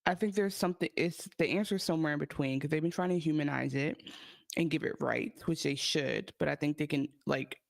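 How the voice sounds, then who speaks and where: Man, podcast co-host, higher voice, excited rambling chat, dry close sound. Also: brisk, creaky, no echo. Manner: rambling, many restarts, enthusiastic. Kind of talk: casual TV recap chat.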